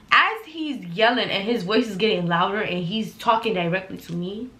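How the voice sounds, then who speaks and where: A young woman telling a heated work story in a casual storytime vlog, acting out the quotes loudly. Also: mid-range voice. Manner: animated, heated retelling with loud acted-out quotes. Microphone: laptop camera. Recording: echoey room.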